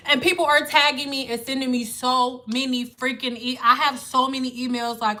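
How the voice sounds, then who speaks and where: Woman going off on a rant, high bright voice, cussing a lot. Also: moderate pace. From Detroit. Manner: blunt, ranting, swearing freely. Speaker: hair vlogger. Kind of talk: casual rant to camera.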